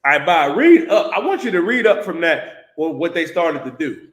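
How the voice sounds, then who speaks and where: A man leading a religious class, mocking and joking while directing a reader with loud interjections. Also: on the high side, sing-song, normal speed. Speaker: class instructor. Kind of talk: lively religious class teaching. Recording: echoey room.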